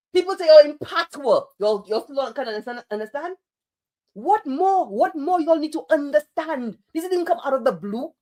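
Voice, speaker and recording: A Saint Lucian woman delivering political commentary online, scolding and sarcastic. Her voice sits a little high and swings widely in pitch as she presses each point.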